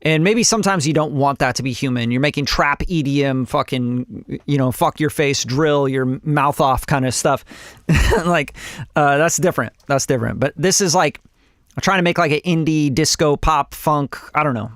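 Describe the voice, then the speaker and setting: A man's voice: a little high, normal speed, a bit bright, no room sound, studio quality. A man teaching music production on a casual live stream, loose and chatty with lots of fillers, humming drum rhythms and swearing offhandedly.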